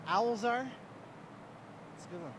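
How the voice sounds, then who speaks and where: Cheeky high-voiced man turning the tables. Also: measured pace, noisy background. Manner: cheeky, quizzing the interviewer back. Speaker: passer-by interviewee.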